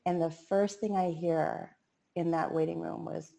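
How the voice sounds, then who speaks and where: Low-voiced woman sharing an audition story. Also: steady tone, measured pace, creaky, dark tone. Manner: chatty, many fillers. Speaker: panel guest, performer. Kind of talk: casual storytelling on a panel.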